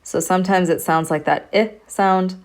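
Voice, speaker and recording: A woman's voice: lowish voice, steady tone, normal speed. A woman professor giving a recorded lecture, patiently repeating sounds for her students to hear. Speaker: Arabic language professor.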